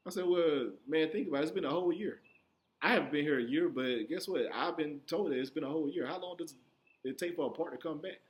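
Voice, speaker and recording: A young man with a slightly high voice tells stories straight to the listener. His talk is casual and full of swearing, and he jumps between voices as he acts out each side of a conversation. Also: fairly quick. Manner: profane, animated, acts out both sides of conversations. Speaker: storyteller. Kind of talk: casual storytelling monologue.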